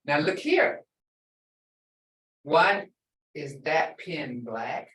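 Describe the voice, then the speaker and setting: A woman's voice: low voice, lively intonation, very slow, fairly bright tone. An older woman teaching a language lesson, stretching out example words for emphasis. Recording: echoey room, voice far from mic.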